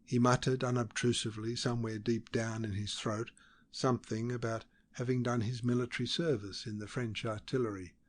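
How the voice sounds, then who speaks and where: A man narrating a classic novel as an audiobook, in a steady, measured reading. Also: medium pitch.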